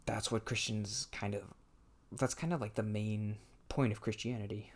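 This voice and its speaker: A man's voice: on the low side, fairly even intonation, normal speed. A man talking casually while he plays a game, thinking aloud in a hesitant way and often restarting his sentences. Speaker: gameplay commentator.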